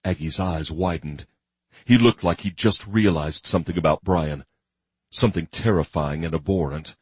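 Deep, husky male audiobook narrator. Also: moderate pace, darkish tone, no room sound. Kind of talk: scripted narration.

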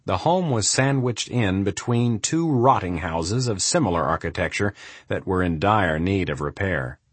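A deep, husky male narrator reads an audiobook script in a steady, measured storytelling manner. The recording is dry.

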